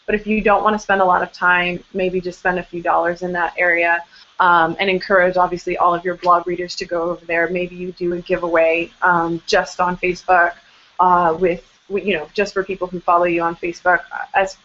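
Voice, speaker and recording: A woman's voice: fairly low pitch, little pitch movement, fairly quick, fairly bright tone. A young adult woman hosting a live online Q&A on blogging, giving casual advice in a chatty, upbeat way with lots of "um"s and self-deprecating asides. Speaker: blog coach hosting a live Q&A. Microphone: video call. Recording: slightly dull, muffled video-call audio.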